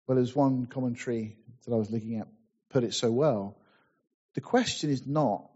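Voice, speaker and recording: A man's voice: medium pitch, animated, normal speed, darkish tone, breathy edge, dull audio. A man preaching a sermon, reading scripture aloud in King James wording and explaining it with emphatic asides.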